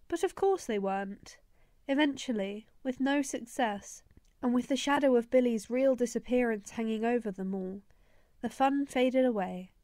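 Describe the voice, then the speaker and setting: A woman reading a novel aloud as an audiobook in a steady storytelling manner. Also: fairly high pitch, no echo. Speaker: audiobook reader. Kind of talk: audiobook narration.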